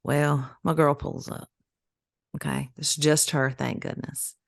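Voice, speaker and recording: A middle-aged woman, co-hosting a podcast and telling a story in casual chat, animated and laughing as she acts out the voices she quotes. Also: low-pitched, takes it slowly, creaky, dry recording, clean studio sound. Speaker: podcast co-host.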